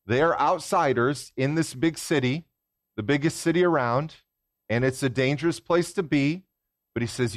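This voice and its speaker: A man giving a sermon as guest preacher in a church, talking in a relaxed, conversational way and putting questions to the congregation. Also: mid-range voice, moderate pace, no room sound, clean studio sound.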